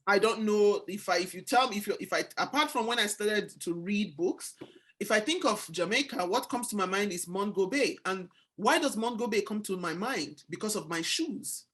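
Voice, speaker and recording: A woman's voice: mid-range voice, normal speed, husky. A woman from Nigeria with a Nigerian accent, hosting a casual book discussion and telling stories with acted-out exchanges. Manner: animated storyteller, acts out quoted exchanges. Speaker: book club host.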